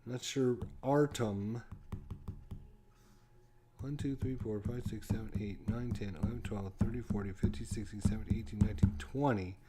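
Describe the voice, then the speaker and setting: A man's voice: on the low side, steady tone, moderate pace, noisy background. A man unboxing a board game, casually thinking aloud to himself and counting pieces under his breath.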